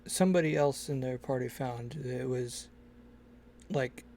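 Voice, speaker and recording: A man narrating an online tabletop game as game master, unhurried and with many fillers. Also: medium pitch, mellow, slight background noise.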